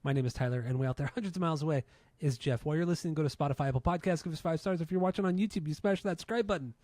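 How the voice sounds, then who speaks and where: A man's voice: a little high, very fast, darkish tone, dry recording. A man in his forties from Southern California, hosting a podcast in a laid-back, chatty way. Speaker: podcast host. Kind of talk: casual podcast chat.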